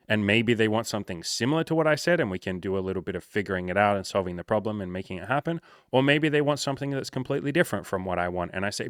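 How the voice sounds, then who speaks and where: A man's voice: on the low side, quick pace, fairly bright tone, clear, resonant tone, dry recording, clean studio sound. A man working as a dating coach, giving casual, frank advice with energy and plenty of swearing.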